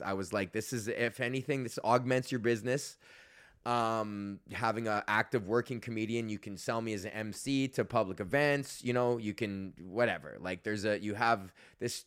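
A man's voice: on the low side, smooth. A man who hosts a podcast and does stand-up, telling stories in a casual, profane rant and acting out the voices of the people in them. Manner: animated, profane, acts out voices in his stories. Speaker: podcast host and comedian.

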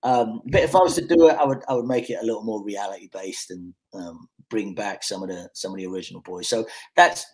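A man from Scotland, an actor guest on a podcast, telling stories in a relaxed way with lots of fillers and restarts. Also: lowish voice, quick pace, hardly any pauses. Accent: mixed Scottish and English, Americanised. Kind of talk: casual podcast chat.

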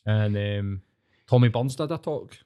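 A Scottish man from Glasgow in his thirties, chatting on a podcast. He swears nonstop and works himself up into animated rants. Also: fairly low pitch, unhurried, clear, resonant tone. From Scotland. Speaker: podcast co-host. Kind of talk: casual sweary podcast chat.

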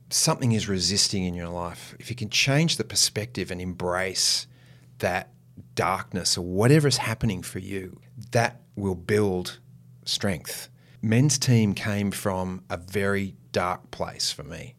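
A man talking as a podcast guest in a low, settled voice. He is reflective and unhurried, and he slows right down when he wants a point to land. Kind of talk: casual chat.

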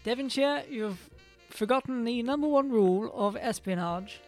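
A man's voice: very high voice, moderate pace, faint music behind. A man playing a stern, pompous male spy chief who gives orders in a clipped, commanding way.

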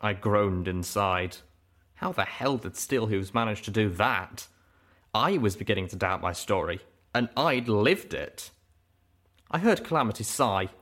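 Expressive low-voiced male narrator. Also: unhurried. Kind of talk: audiobook narration.

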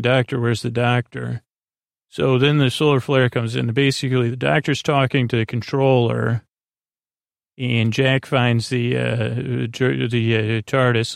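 Male host, casual halting recap, monotone delivery with gravel. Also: mid-range voice, no room sound, studio quality. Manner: halting, rambling, many filler sounds. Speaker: podcast host.

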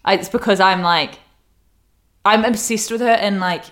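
A woman's voice: medium pitch, normal speed, fairly bright tone. A young woman in casual chat, telling a story animatedly and acting out the quotes.

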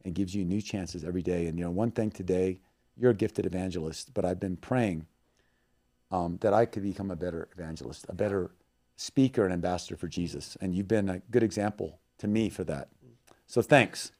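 A man with a low, mellow voice speaks earnestly about loss and faith. His delivery swings between loud emphasis and quiet, hushed moments, closing in heartfelt prayer. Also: a little fast. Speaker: missionary guest.

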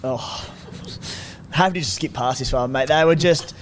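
A man's voice: medium pitch, moderate pace, a little hiss or hum. Laid-back Australian man talking sport. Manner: laid-back, rambling analysis. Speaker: podcast co-host. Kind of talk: casual sports chat.

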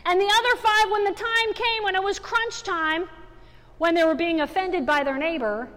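A woman preaching a sermon to a church congregation, animated and building to emphatic exhortation. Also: extremely high pitch, moderate pace. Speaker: guest preacher. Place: church sanctuary. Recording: reverberant hall.

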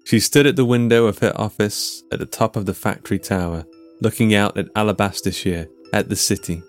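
Low-voiced man narrating a dark story. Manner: calm, measured storytelling. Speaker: writer and narrator. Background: faint music.

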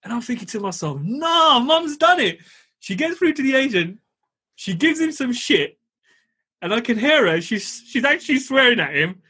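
A man's voice: very high-pitched, normal speed, breathy edge. A man, co-hosting a property podcast, telling a story in a chatty, slangy way. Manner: animated, chatty, slangy, frequent "you know". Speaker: property podcast co-host and landlord. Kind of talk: casual storytelling.

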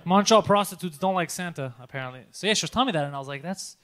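A man co-hosting a casual podcast, telling animated, profanity-laced stories and laughing often. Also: high-pitched, racing. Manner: animated storytelling, swears a lot, laughs often. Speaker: podcast co-host.

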